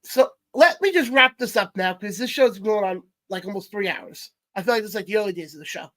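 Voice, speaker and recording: A man hosting a podcast, wrapping up the episode in a quick, chatty way. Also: high-pitched, fairly bright tone. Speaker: podcast host. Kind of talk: casual podcast wrap-up.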